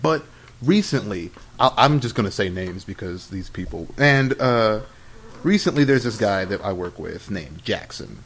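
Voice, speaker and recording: On an amateur podcast with noticeable background noise, a young man from Texas chats casually as co-host. His lowish, expressive voice moves at a moderate clip while he meanders through a tale, laughing often and quoting what people said.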